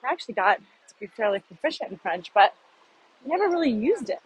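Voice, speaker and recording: A woman's voice: a little high, very animated, quick pace, a little hiss or hum, poor audio. An American woman vlogging casually while walking city streets, rambling and self-deprecating, recorded on a phone. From United States.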